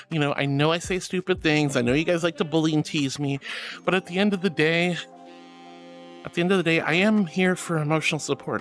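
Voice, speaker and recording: A man on a live stream chats with viewers and reads their messages aloud, gushing affectionately, laughing often, and calling people sweetie and honey. His voice is fairly high and a bit bright.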